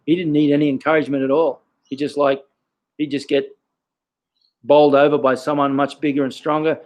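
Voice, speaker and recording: Questioning karate instructor. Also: male voice, mid-range voice, darkish tone. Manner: peppers his talk with questions and "okay". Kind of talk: casual instructional talk.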